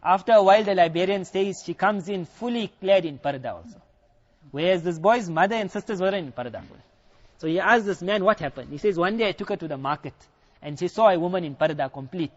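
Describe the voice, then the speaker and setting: A man's voice: sits high, animated, fairly quick. A man with a South African accent, preaching and retelling a story full of quoted dialogue. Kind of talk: storytelling sermon. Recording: dull lo-fi recording.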